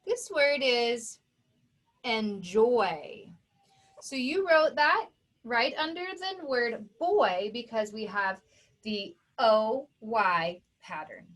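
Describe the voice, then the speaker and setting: Speaking in a high-leaning, somewhat bright voice with lively intonation, a woman teaches children phonics in a recorded lesson. She gives step-by-step instructions and patiently enunciates each sound.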